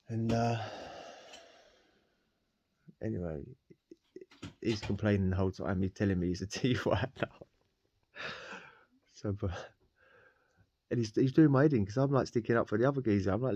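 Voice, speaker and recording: A man's voice: fairly low pitch, normal speed, long pauses, a little mellow, dry recording, dull audio. A man telling a rambling personal story in casual slang, laughing often. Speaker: podcast guest telling a prison story.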